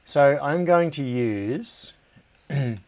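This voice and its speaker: Slow-talking Australian man, laughs a lot. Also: mid-range voice, animated, darkish tone. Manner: distracted, laughs often, thinks aloud. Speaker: livestream host. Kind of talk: casual live-stream chat while working.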